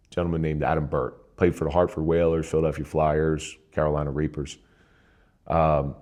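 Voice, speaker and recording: Retired cop guy from jersey, middle-aged, deep low voice, earnest storytelling. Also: darkish tone. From New Jersey. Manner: earnest, conversational, with frequent restarts and emotional pitch swings. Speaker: interview guest, retired police officer. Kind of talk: candid personal storytelling.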